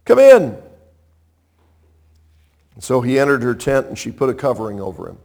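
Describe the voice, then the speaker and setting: A man preaching a sermon, retelling a story in a conversational way, with dramatic swings from loud to hushed. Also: medium pitch, racing, vocal fry. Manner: animated, conversational, dramatic shifts in loudness.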